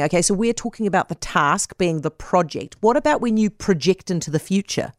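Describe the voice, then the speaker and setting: Female talk-radio host, teasing, low voice, dry studio sound. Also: lively intonation, fairly quick, few pauses, dry recording. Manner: playful, teasing. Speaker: radio drive-time host.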